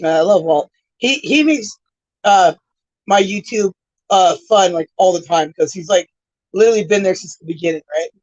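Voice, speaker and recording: A livestream host chats casually, rambling and swearing, often ending sentences with "right?". The voice is medium-pitched and darkish at a normal speed, with no room sound, though the stream audio is dull and lo-fi.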